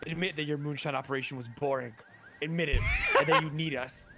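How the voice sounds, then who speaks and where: A man's voice: fairly high pitch, fairly even intonation, fast. A man role-playing a domineering gang boss in a game, taunting another player with mock British slang. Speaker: roleplay gang leader. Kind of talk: in-character roleplay banter. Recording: game voice chat with background noise.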